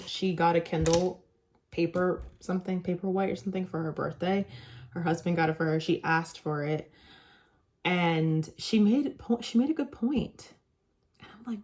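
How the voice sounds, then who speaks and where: A young woman vlogger chatting casually, rambling with lots of filler words and getting animated when excited. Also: on the low side. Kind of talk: casual chat.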